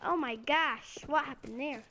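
A woman commentating her own gameplay, excitable, with playful trash talk and sudden outbursts, game music and gunfire behind. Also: high voice, unhurried, slight background noise. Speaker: gaming video creator.

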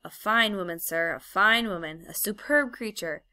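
A woman voicing a vain old English gentleman who talks slowly and pompously. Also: mid-range voice, natural voice. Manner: slow, pompous and self-satisfied.

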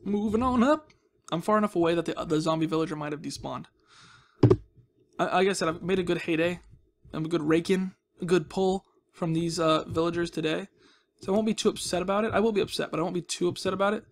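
A gaming video host with a slightly high, steady voice talks fast through casual Minecraft let's-play commentary. Playful and jokey, he baby-talks the villagers and adds joking asides; faint background noise can be heard.

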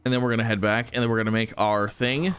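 A young man giving excitable let's-play commentary, chuckling and talking to the enemies he fights. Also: mid-range voice, quick pace, background noise. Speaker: gaming YouTuber.

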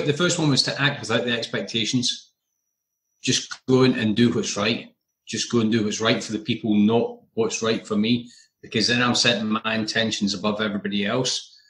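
A man sharing in a casual recovery group discussion, earnest and halting with frequent restarts. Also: medium pitch, steady tone, a bit bright, low-quality recording. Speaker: group member.

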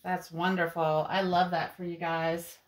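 Woman doing a tarot reading, unhurried and calm, lots of reassurance. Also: fairly low pitch, noisy background. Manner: slow, soothing, encouraging. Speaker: tarot reader. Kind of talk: tarot card reading for viewers.

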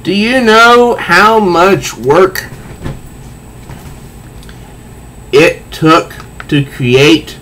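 A man voicing a frantic, humiliated male supervillain who exclaims in drawn-out outrage. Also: high voice, lively intonation, a bit bright, slight background noise, voice pushed up, full character voice, low-quality recording. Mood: indignant.

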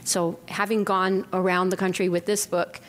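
A middle-aged woman from Southern California tells her stories to an audience in a lively way. She acts out the quoted voices and drops some of them to a whisper. The sound has the long reverb of a lecture hall, with a faint hiss underneath. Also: fairly low pitch, moderate pace. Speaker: author giving a talk. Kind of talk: anecdotal storytelling to an audience.

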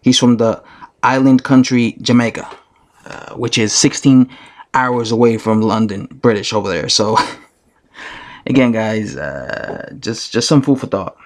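A man's voice: on the low side, a little slow, a little mellow. A man ranting in a commentary vlog, talking straight to his viewers and hammering the same point again and again. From United States. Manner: argumentative, repetitive, addresses viewers directly. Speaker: vlogger.

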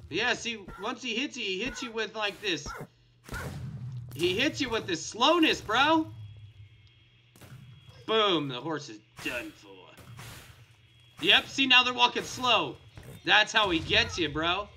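A young man hosting a gaming video, giving excitable casual commentary and shouting at the screen. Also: high-pitched, unhurried, pauses often, a little hiss or hum.

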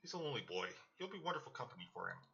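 A man's voice: medium pitch, sing-song, rapid-fire, creaky, pushed and bright, heavily acted. A man reading a chatty motherly cook. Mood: warm chatter. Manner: affectionate, chatty. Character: cheerful motherly woman cook at a bar. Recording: slightly muffled with game music.

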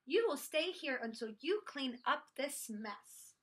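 A woman's voice: high-pitched, expressive, slow pace, a bit bright, full character voice. A woman voicing a stern female dinosaur teacher in a storybook reading, firm and scolding.

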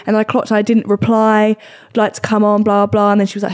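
A woman's voice: mid-range voice, fast talker, darkish tone. A woman, hosting a casual podcast chat in a rambling, self-deprecating way. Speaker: podcast host.

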